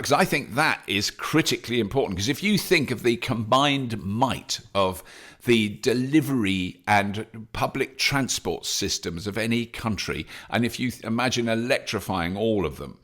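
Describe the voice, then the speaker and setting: Man, podcast host, low voice, very lively pitch, enthusiastic, chatty, self-deprecating. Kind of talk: solo news update podcast.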